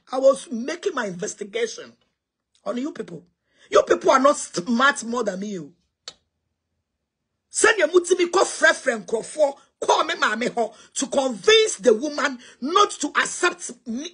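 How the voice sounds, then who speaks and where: High-pitched and husky, this Ghanaian woman's voice carries passion and confrontation as she speaks straight at her listeners with force. Her impassioned response mixes Twi and English freely.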